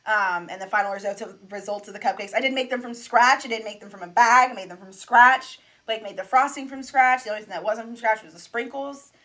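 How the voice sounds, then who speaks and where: A woman's voice: a little high, brisk, few pauses, fairly bright tone. A young woman co-hosting a casual podcast, chatting easily with frequent ums. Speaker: podcast co-host. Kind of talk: casual chat.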